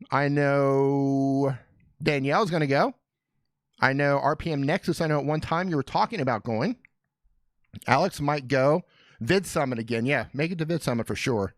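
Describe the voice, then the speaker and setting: A man runs a relaxed live Q&A stream from a small studio, cracking jokes and calling out viewers by name with fired-up excitement. His voice sits on the higher side, and there's no echo.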